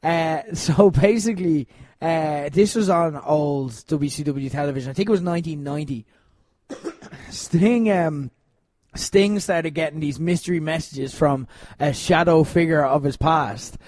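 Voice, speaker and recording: A man's voice: a little high, a little slow, darkish tone. A man co-hosting a casual podcast, rambling and laughing as he tells stories, swearing now and then. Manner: rambling, laughing, profane storytelling. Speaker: podcast co-host.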